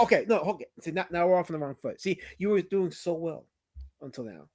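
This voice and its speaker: A man hosting a livestream in casual banter, teasing his chat and his guest. His voice sits a touch high and jumps around a lot, flaring into loud outbursts and then dropping to a mumble. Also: lively intonation, fast talker, no room sound. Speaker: livestream host.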